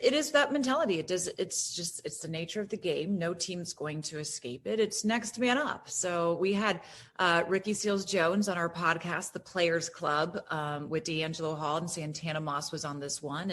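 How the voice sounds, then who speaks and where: A woman from Florida, a guest on a sports podcast, talking in an animated way with lots of fillers and restarts. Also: lowish voice, a little hiss or hum. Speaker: guest broadcaster. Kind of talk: casual podcast chat.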